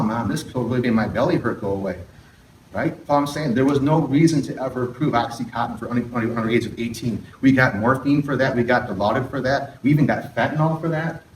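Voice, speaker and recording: With a medium-pitched voice and slight background noise, a middle-aged therapist delivers a blunt addiction recovery talk. He keeps asking the audience questions and adds sarcastic remarks. It's captured from a distance in a large, echoey hall.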